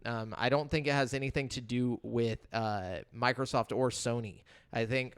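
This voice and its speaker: A man's voice: medium pitch, steady tone, moderate pace, smooth. A man co-hosting a gaming podcast, talking casually with lots of fillers and laughing at his own jokes. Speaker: podcast co-host. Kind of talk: casual chat.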